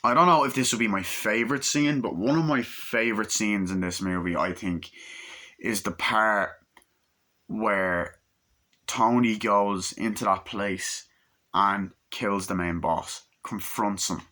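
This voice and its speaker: A man's voice: fairly low pitch, a little slow, sharp tone. A man casually reviewing a film, retelling scene after scene in a rambling, profane way. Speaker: movie reviewer.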